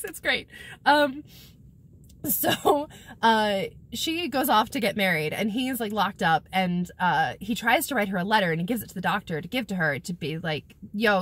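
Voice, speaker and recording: A woman's voice: mid-range voice, a bit bright. A woman vlogger rambling casually through a book recap, sarcastic and giggly, swearing freely as she talks to her camera. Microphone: camera mic, talking to a camera viewfinder.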